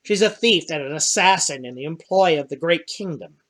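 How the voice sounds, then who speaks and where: A man's voice: a little high, animated, brisk, fairly bright tone. A man playing a sly gnome warden captain. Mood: warning.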